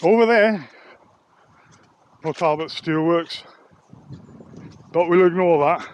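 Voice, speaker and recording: A man's voice: a little high, slow pace, muffled recording. A man, chatting casually to camera on a walk through an open nature reserve and grumbling a little between remarks. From Wales. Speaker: vlogger and sound therapist. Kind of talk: casual walk-and-talk vlog.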